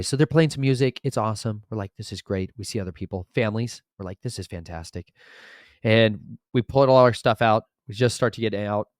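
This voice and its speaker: A young man with a very low voice rattles off a story at high speed, acting out both sides of a conversation. He turns emphatic and preachy when he talks about scripture. The sound is dry and close. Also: dry recording. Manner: fast, animated storytelling with quoted dialogue. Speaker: vlogger and author. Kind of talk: casual storytelling vlog.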